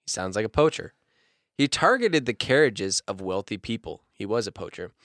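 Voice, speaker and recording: A man co-hosting a podcast, reading forest history aloud with deadpan joking remarks. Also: lowish voice, normal speed, no room sound, clean studio sound. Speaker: podcast co-host. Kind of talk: casual reading with jokes.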